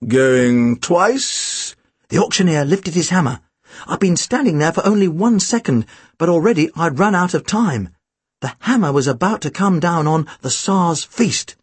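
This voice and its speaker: Brief: male audiobook narrator, husky, lively pitch, dry close sound. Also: moderate pace, dry recording. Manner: expressive, animated reading. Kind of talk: first-person storybook narration.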